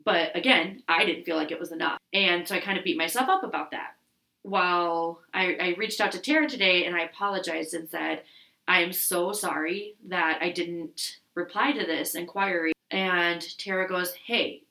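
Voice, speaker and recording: Bright, gravelly woman in casual chat. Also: fairly low pitch, moderate pace, poor audio. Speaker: podcast co-host.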